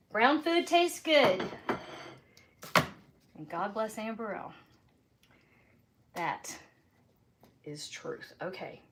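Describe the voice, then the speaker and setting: A woman's voice: mid-range voice, noisy background. A woman, chatting casually while she cooks and tastes food in her home kitchen during a live stream. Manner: chatty, folksy, talks while tasting food. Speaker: home cook hosting a live cooking stream.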